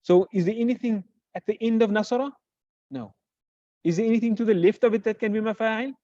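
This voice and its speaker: A teacher giving a grammar lesson who poses questions and answers them, repeating example phrases slowly. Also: medium pitch, warm tone, no echo. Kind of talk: classroom lecture. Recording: dull lo-fi recording.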